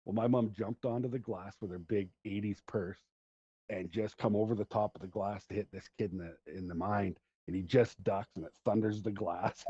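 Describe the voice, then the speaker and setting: A middle-aged Central Alberta man hosts a podcast in a lowish, warm, husky voice, keeping a steady tone and moderate pace. He wanders through long stories in casual talk, laughing now and then, on a dull lo-fi recording.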